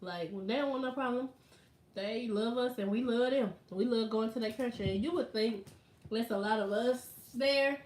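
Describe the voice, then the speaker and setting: Woman vlogger, casual slangy chat, animated storytelling, higher voice, echoey room. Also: moderate pace, a little hiss or hum. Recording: roomy echo.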